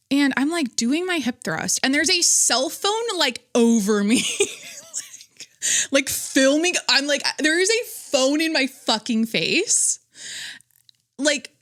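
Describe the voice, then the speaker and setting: A woman hosting a podcast, telling a story in a blunt, profane, animated monologue. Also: medium pitch, no room sound, studio quality. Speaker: podcast host. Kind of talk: casual monologue.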